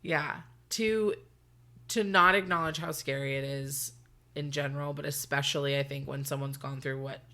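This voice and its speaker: A woman's voice: a bass voice, steady tone, moderate pace, sharp tone. A woman co-hosting a podcast, talking in earnest, heartfelt casual chat. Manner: earnest, heartfelt, laughs easily. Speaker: podcast co-host.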